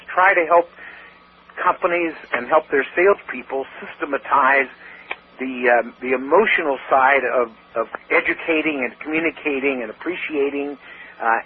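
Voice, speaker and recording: A man with a fairly high voice tells a story as a guest on a call-in interview. He talks with animation and slips into the voices of the people he quotes. His voice comes through a thin, tinny phone line with a faint hiss underneath. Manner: animated storyteller who acts out quoted speech. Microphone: telephone.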